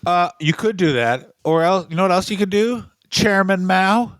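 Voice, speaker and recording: A man co-hosting a comedy podcast, spinning animated stories with sarcasm and casual swearing. His voice sits a bit high, and the sound is close and dry. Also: normal speed, clean tone, dry recording. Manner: animated storyteller, profane, sarcastic.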